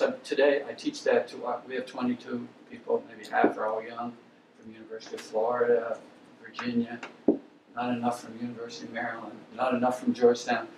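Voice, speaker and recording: An older man giving an anecdotal lecture, telling stories in a blunt, emphatic, opinionated way. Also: a little high. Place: lecture room. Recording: roomy, distant mic with faint hiss.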